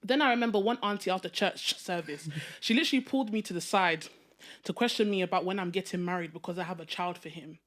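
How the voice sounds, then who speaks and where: A woman hosting a casual podcast, excitable and laughing often as she chats and reads a listener's message aloud. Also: lowish voice, quick pace. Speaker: podcast host.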